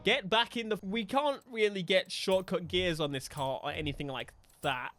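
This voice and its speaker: A young man, giving animated, jokey live gameplay commentary as a streamer, with sudden bursts of mock outrage. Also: high voice, moderate pace, no echo, soft background music. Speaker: gaming streamer.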